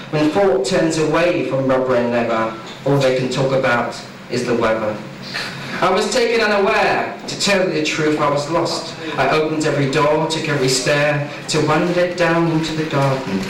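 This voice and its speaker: A man reciting his poetry in a measured, rhythmic way at a small club night, recorded from across the room. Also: on the high side, fairly bright tone. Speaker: poet and host. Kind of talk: poetry reading. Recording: far-off echoey live room recording with background noise.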